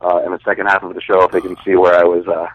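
A man co-hosting a podcast over a phone line, telling a rambling story with a lot of hesitation and sounding low on energy. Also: monotone, rapid-fire, no room sound. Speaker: podcast co-host. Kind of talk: casual chat. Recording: tinny dry phone line.

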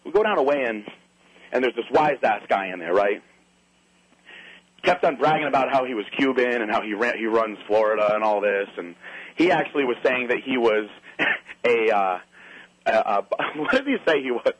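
Husky man telling a wild story. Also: mid-range voice, moderate pace, no room sound, low-quality recording. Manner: animated, swearing, mimics others in quotes. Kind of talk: casual anecdote telling.

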